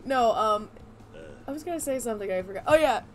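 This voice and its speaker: A woman's voice: a little high, animated, a little fast, a little hiss or hum. A woman hosting a let's play, chatting casually and cracking playful jokes as she plays. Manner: playful, joking banter. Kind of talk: casual gaming commentary.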